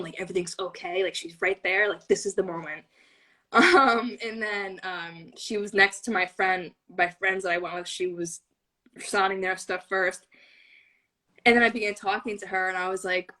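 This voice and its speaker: A woman's voice: mid-range voice, fairly even intonation, moderate pace, bright, forceful tone, low-quality recording. A young woman telling a fan story in a casual chat, gushing and breathless with many fillers. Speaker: fan panelist.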